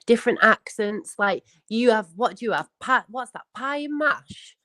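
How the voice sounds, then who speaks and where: A woman's voice: a little high, animated, normal speed, a bit bright. A woman from northern England with a northern English accent, hosting a casual livestream panel chat in a blunt, sweary way and laughing often. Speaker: livestream host.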